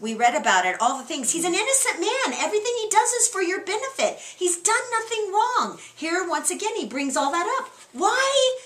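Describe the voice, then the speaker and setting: Animated woman teaching a Bible group. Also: extremely high pitch, brisk, hardly any pauses, reverberant. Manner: animated, asks the group questions, reads scripture with expression. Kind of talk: interactive Bible study lesson. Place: room with a small group.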